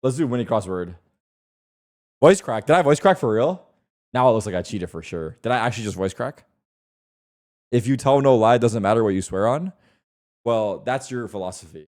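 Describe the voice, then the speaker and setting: A man's voice: medium pitch, expressive, brisk, darkish tone. A young man streaming live, bantering with his chat in a loose, defensive way and swearing freely.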